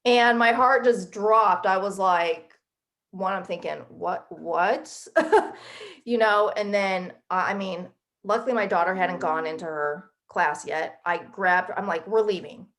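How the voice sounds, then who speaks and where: Brief: woman in her 30s, interview guest, chatty emotional storyteller, mid-pitched voice. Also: measured pace, fairly bright tone. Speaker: guest author.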